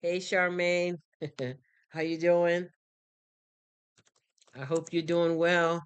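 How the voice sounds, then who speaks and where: A live streamer in casual chat who talks in a warm, rambling, heartfelt way with many restarts. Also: mid-range voice, little pitch movement, extremely slow, clean tone, no room sound. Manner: greets chat viewers by name and thanks them. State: choked up, near tears.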